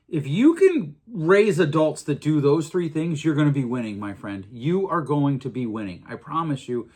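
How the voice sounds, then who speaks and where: A man's voice: medium pitch, a little mellow, slightly rough. A middle-aged man hosting a podcast, talking earnestly in a casual monologue with frequent restarts. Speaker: podcast host.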